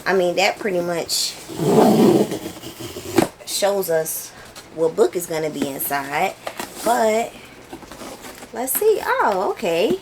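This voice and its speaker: A woman's voice: on the low side, sing-song, slow, long pauses, noisy background. A young woman chatting casually and animatedly about books she received, laughing now and then. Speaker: book vlogger. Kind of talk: casual chat. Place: home, indoors.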